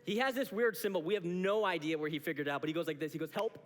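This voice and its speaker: A man in his thirties preaching a sermon as pastor, animated, acting out short exchanges with God. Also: a little high, rapid-fire, a little hiss or hum. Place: church auditorium. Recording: long reverb of a church hall.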